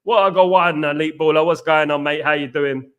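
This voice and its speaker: A man hosting a live football watchalong, chatting fast and repeating himself while greeting viewers by name. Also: on the high side, steady tone, fairly bright tone, smooth, muffled recording. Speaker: watchalong host. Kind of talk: live stream chat.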